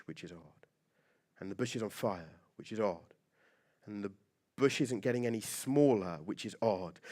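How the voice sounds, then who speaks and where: A man's voice: lowish voice, a little mellow. A man preaching a sermon as pastor, conversational and joking, with lots of rhetorical questions.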